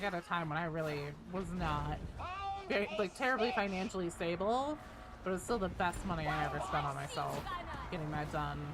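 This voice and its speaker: A woman streaming a game live and chatting with her viewers, talking in a loose, animated way, filling with "like" and blurting out swears. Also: fairly low pitch. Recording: steady background noise.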